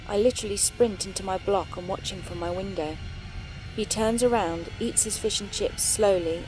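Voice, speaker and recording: A woman narrating true scary stories in a calm, measured storytelling voice. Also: medium pitch. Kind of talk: reading scary stories aloud. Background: faint background music.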